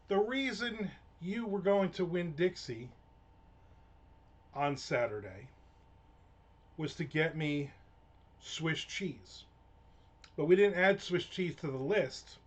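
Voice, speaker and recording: A man's voice: a little high, a bit bright. Profane, aggravated man on a lo-fi stream. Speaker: livestream host. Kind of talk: casual ranting monologue.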